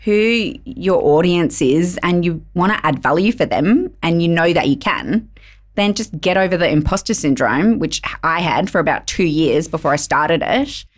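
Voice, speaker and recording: A woman, a lawyer and podcast host, chatting in a relaxed interview and telling lively stories. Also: on the low side, moderate pace. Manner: lively storyteller, laughs easily. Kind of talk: casual conversational interview.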